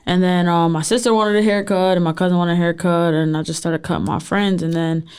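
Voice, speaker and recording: Barber guy, high clear voice, laid back slangy talk. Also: level tone, brisk, a little mellow. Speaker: barber, guest. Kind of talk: casual conversational interview.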